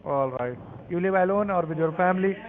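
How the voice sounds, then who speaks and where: A man's voice: high-pitched, brisk. A man cold-calling as a scam caller, speaking in a curt, pushy way with broken phrasing. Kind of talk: scripted phone scam. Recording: tinny phone line.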